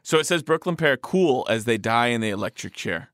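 A man co-hosting a podcast reads listener letters aloud, his pitch swinging in a lively, animated way. He jokes along as he goes, adding playful emphasis to the lines. The sound is dry and close to the mic, with no room echo. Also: fairly quick. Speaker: podcast co-host. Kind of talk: casual chat, reading listener letters aloud.

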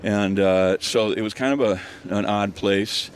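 Walking outdoors on a hillside, an older man who is a guest storyteller tells a rambling, casual story full of fillers and restarts, laughing often. His voice is lowish and a little slow, with a little hiss or hum in the recording.

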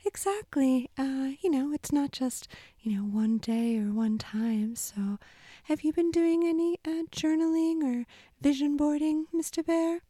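A woman's voice: high voice, measured pace, mellow, dry recording, pitched above the performer's own voice. A woman voicing a sweet, earnest female mouse in a comic audio skit, talking in a hesitant way with many ums and restarts.

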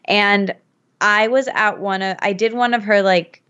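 A woman's voice: mid-range voice, steady tone, a little slow, fairly bright tone, smooth. Chatty woman in her thirties from Michigan, rambling storyteller voice, podcast guest, slightly muffled sound. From Michigan, USA. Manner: chatty, storytelling with many fillers. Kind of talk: casual podcast conversation.

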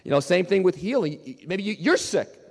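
A male pastor delivers a sermon with a somewhat high voice that rises and falls dramatically. He is emphatic and often doubles back on his words. His voice rings with the long reverb of a big hall. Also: fast, gravelly, husky. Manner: animated, emphatic preaching with repeated words.

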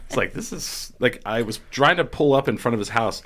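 A man's voice: medium pitch, sing-song, fairly quick, gravelly, a bit bright. A man casually telling stories in a podcast chat, acting out quoted voices and swearing freely. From New Mexico, USA.

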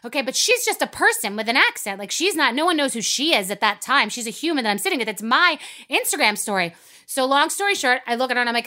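A woman's voice: high voice, very animated, quick pace, bright, forceful tone. A woman hosting a podcast, telling a brash, profane story before she interviews a guest. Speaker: podcast host.

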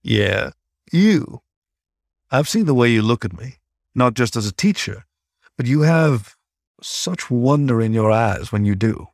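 A man's voice: medium pitch, expressive, unhurried, gravelly, long pauses, dry recording, clean studio sound. A man voicing a playful older male rabbit teacher who talks in an easygoing, folksy, teasing way.

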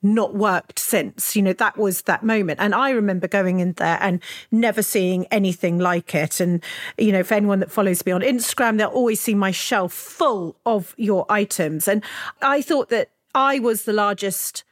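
A woman's voice: medium pitch, moderate pace, dry recording. An enthusiastic woman hosts a podcast and interviews her guest with effusive questions. The recording is dry and close, with no room sound. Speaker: podcast host.

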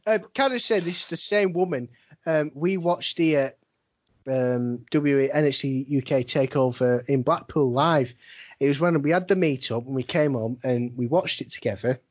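A man's voice: medium pitch, moderate pace, no room sound. A man, co-hosting a podcast from home in casual, sweary, rambling banter. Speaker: wrestling podcast co-host. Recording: lo-fi dry home mic.

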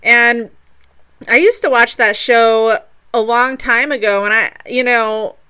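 A woman's voice: a little high, takes it slowly, bright, forceful tone, clear, resonant tone. A woman hosting a casual chat, talking in a conversational, reflective way.

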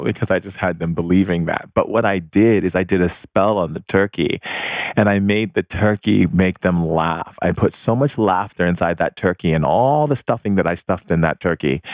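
A man casually telling personal stories, lively, often acting out other people's voices with a raised pitch. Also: no room sound, clean studio sound. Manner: animated, acts out others' voices in high pitch. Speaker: storyteller sharing personal anecdotes. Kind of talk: casual spoken storytelling.

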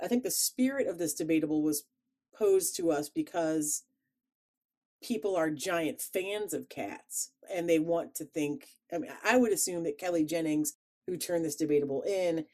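Chicago woman co-host, lowish mellow voice, playful, rambling casual chat. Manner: playful, rambling, quick to laugh. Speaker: podcast co-host.

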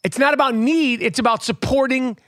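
A man hosting a podcast, teasing his co-host in rapid, loud banter. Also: very high voice, no room sound, studio quality.

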